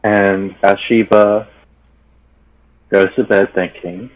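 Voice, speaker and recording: A man narrating his turn in a tabletop storytelling game, musing haltingly in character. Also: on the low side, flat delivery, muffled recording. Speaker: player.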